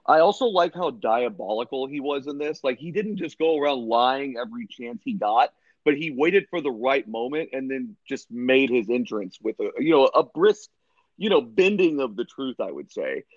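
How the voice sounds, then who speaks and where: A man's voice: medium pitch, expressive, normal speed, dry recording, muffled recording. A man co-hosting a casual sports podcast, talking in a laid-back way and swearing freely. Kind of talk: casual chat.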